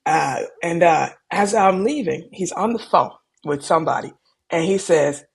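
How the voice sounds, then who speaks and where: A middle-aged woman speaking in a low, gravelly, husky voice as she recounts stories from her work as an emergency doctor. Her delivery is calm and candid, and it turns lively whenever she imitates the people in her stories. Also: a little slow. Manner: calm, candid, animated when quoting others. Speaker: ER physician guest. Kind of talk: conversational storytelling.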